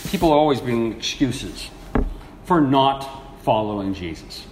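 A man delivers a sermon in an echoey hall with a long reverb tail. His pitch sits in the middle range, and his delivery is earnest and animated. He voices the figures he quotes, with faint room ambience behind him. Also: normal speed, background noise. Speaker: preacher.

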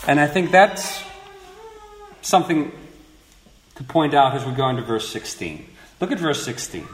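A man's voice: mid-range voice, big pitch swings, normal speed, long pauses. Earnest male preacher in an echoey room. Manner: earnest expository preaching with rising emphasis. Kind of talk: sermon. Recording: echoey room with faint noise.

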